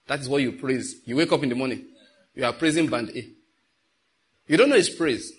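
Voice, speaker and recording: A man's voice: mid-range voice, fairly quick, long pauses. A middle-aged man preaching a sermon, talking to his congregation with frequent rhetorical questions. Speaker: pastor.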